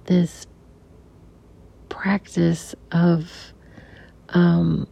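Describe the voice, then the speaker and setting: A middle-aged woman telling a reflective personal story as a podcast guest, softly and haltingly, with many restarts and some near-whispers. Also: lowish voice, little pitch movement, vocal fry, husky. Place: room in a family home. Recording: dull recording with faint air conditioner hum. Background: air conditioner hum.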